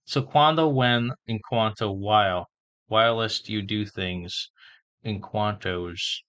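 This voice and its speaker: A man vlogging casually as he learns a language, slowly sounding out and spelling words and thinking aloud. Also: lowish voice, a bit bright.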